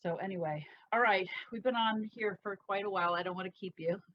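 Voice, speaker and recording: A woman hosting an interview, animated and quick to agree, telling stories from her own life as a mother. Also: mid-range voice. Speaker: interview host. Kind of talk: casual interview chat. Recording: dull lo-fi audio.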